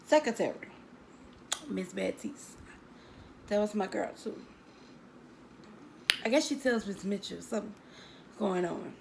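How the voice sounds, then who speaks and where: Woman spilling a school story to her viewers, chatty and dramatic, slow with a gravelly edge. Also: mid-range voice, animated, noisy background. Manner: chatty, dramatic, addresses viewers as girl and baby. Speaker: storytime vlogger.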